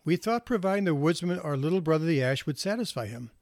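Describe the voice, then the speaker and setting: A man's voice: on the high side, expressive, fast, darkish tone, no echo, clean studio sound. A man voicing a sad old male oak tree in a spoken fable, talking sadly. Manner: speaks sadly.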